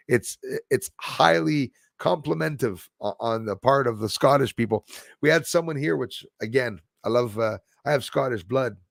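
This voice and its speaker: Gravelly male stream host, rambling and hesitant, fillers and restarts, dry mic. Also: medium pitch, no room sound. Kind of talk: casual live stream chat.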